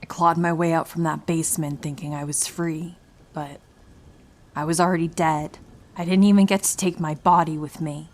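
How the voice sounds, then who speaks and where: A man voicing a sinister female spirit trapped in a lifelike doll, speaking in a sarcastic monotone for a horror story. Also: fairly high pitch, normal speed, voice pushed up, natural voice. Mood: cold, mocking.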